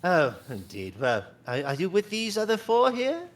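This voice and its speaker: A man voicing a small, kindly older man who talks in a soft, fatherly, soothing way in a tabletop game. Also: sits high, huge pitch swings, moderate pace. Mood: cheerful. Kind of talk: tabletop role-play voicing.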